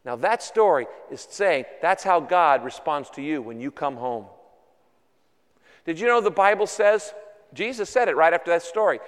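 A man's voice: high voice, a bit bright. A man preaching a sermon, conversational and emphatic, acting out the people he quotes. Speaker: pastor. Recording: long hall reverb.

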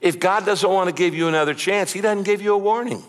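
Man, preaching, emphatic, rhetorical questions, somewhat high pitch, long reverb. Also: quick pace, smooth. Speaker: pastor. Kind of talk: sermon.

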